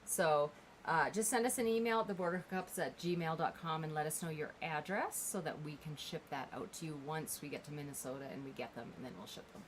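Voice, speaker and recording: A woman's voice: sits low, a little fast, a little hiss or hum. A woman co-hosting a live stream in chatty, casual talk, reading out names and plans.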